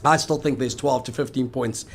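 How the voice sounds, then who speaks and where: A man's voice: mid-range voice, steady tone, moderate pace, creaky, a little hiss or hum. A man co-hosting a casual sports chat, arguing at length in an emphatic, analytical way. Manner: emphatic, analytical, long flowing arguments. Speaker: podcast co-host.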